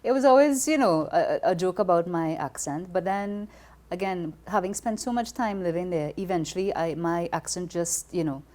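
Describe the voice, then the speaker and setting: A woman with a Trinidadian accent, talking as an interview guest in an expressive, conversational way, often repeating words as she starts a thought. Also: fairly low pitch, moderate pace. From Trinidad and Tobago.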